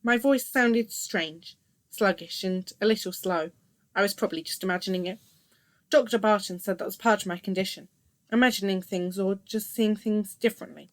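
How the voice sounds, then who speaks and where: A woman narrating a first-person story in a steady, scripted reading voice. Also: mid-range voice, normal speed, dry recording.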